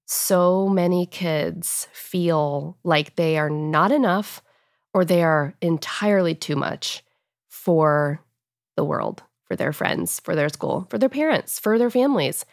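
A woman's voice: low-pitched, expressive, takes it slowly, dry recording. Heartfelt woman author, dry studio sound. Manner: heartfelt, emotional, laughs often. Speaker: author guest. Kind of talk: podcast interview.

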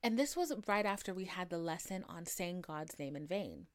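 A woman's voice: on the low side, expressive, normal speed. Young woman, slight Southern twang, podcast host, casual storytelling, lots of "like" fillers. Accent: American Southern. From United States. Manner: chatty, frequent "like" fillers, swears freely.

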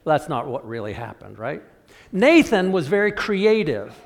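Animated preacher in a reverberant hall. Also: male voice, fairly high pitch, a little slow, gravelly. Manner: storytelling, acts out voices of biblical figures, dramatic drops to quiet. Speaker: pastor. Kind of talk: sermon.

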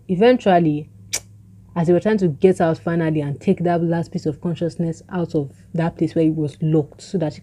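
A woman giving an excitable, casual recap of a show's plot, acting out the characters' lines. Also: lowish voice. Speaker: show recap vlogger.

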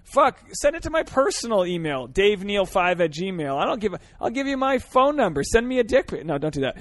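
A man hosting a solo podcast from his parked car, ranting earnestly with lots of swearing, swinging between fired-up pleas and quieter reflection. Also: high-pitched, sing-song, a little fast, no echo. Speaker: podcast host.

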